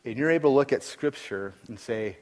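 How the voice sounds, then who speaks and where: A man preaching a sermon as a pastor, with rhetorical questions and repetitions, swinging between loud emphatic passages and hushed, intimate ones. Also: medium pitch, a little fast. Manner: frequent rhetorical questions, repeats and restarts.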